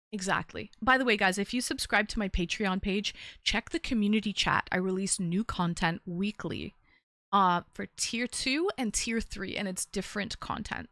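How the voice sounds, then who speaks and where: Woman streamer, casual rambling chat, mid pitch, dry close sound. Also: pushed and bright, dry recording. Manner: chatty, rambling, reads chat aloud. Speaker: streamer hosting a call-in show.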